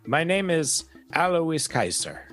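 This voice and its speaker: A man's voice: fairly high pitch, big pitch swings, fairly bright tone, soft background music, pitched above the performer's own voice, heavily acted. A man putting on a wealthy German benefactor, light accent. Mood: courteous. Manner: polite, measured, courteous.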